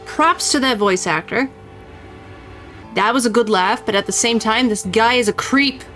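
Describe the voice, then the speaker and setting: A woman's voice: on the high side, moderate pace, fairly bright tone, faint music behind. A young woman streaming a visual novel, reading its text aloud and reacting bluntly.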